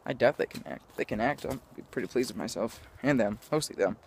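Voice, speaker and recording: A young man vlogs outdoors in a casual, meandering way, laughing at himself and forgetting what he meant to say. His voice sits at an ordinary middle pitch for a man, recorded on a camera mic with faint noise and some outdoor ambience behind him. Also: expressive, fast, vocal fry, a little mellow. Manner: scattered, self-mocking, laughs often. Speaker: vlogger. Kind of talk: rambling casual vlog. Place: outdoors in sunlight.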